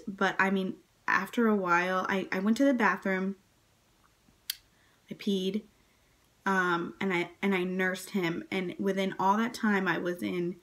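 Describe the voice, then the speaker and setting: A woman vlogger telling her birth story to camera in a casual, chatty way, full of "like" and "um", jumping up high when she quotes herself and others. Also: a bit bright. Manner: chatty, many fillers, acts out quotes in a high voice.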